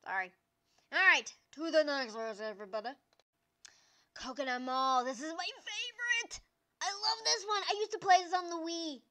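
A young woman hosting her gaming channel, giving excited gameplay commentary, squealing and cheering at the screen. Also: extremely high pitch, moderate pace.

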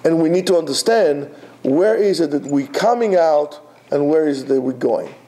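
A man's voice: a little high, animated, moderate pace, dark tone. A man teaching a Torah class in a classroom, emphatic, repeating his phrases and asking rhetorical questions.

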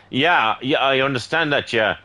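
A rowdy Irish man streams a game and chats casually over voice chat, swearing freely and teasing. His pitch leaps all over the place, and his tone is bright and ringing. He jokes loudly through the banter. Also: creaky, husky. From Ireland. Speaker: gaming streamer. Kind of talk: casual voice chat while gaming.

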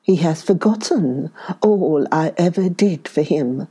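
A worn-out old bullock laments being cast aside in a storybook tale, slow and mellow. A woman puts him on, her voice raised a little above her own. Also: sits low, lively intonation, breathy edge, exaggerated voice. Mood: weary.

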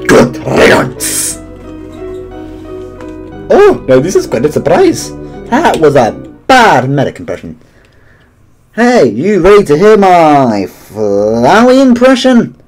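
A young man streaming a game, joking and reacting in a goofy, excitable way. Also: fairly high pitch, unhurried, soft background music. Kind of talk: gameplay commentary.

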